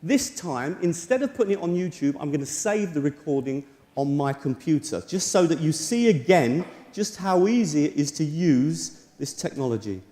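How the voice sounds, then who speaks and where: A man presenting at a teachers' conference in a lecture hall, chatty and lively, telling personal anecdotes. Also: a little high, normal speed, few pauses. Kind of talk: conference talk. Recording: echoey hall with long reverb.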